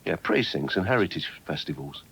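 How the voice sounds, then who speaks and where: A man's voice: very deep voice, expressive, fairly quick, gravelly, fairly bright tone, slightly rough. An older man with an East Midlands accent, a guest on a chat show, telling dry, wry stories with bits of mimicry. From England. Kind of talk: casual chat. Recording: dull TV broadcast audio.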